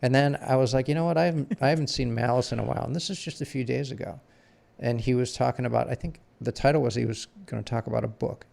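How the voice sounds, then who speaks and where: A man co-hosting a podcast in casual chat, opinionated and deliberate, often restarting his sentences. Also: medium pitch, steady tone, gravelly, a little mellow. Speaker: podcast co-host.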